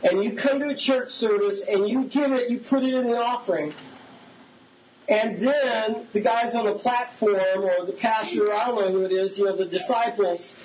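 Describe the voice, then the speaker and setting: A man's voice: high-pitched, normal speed. A man preaching a conversational sermon as pastor, often asking the congregation questions. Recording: slightly dull recording with faint hiss.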